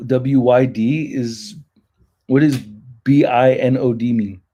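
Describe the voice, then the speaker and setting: A man's voice: medium pitch, fairly even intonation, slow pace, dark tone, lo-fi sound. A man from California with a Californian accent, hosting a casual livestream chat and rambling with lots of filler words. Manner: rambling, heavy use of "like" fillers. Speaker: livestream host.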